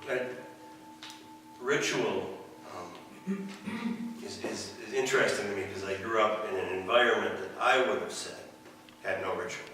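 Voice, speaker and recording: A man in his fifties, a pastor giving a relaxed, wry storytelling sermon in a church hall, far from the mic. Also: lowish voice.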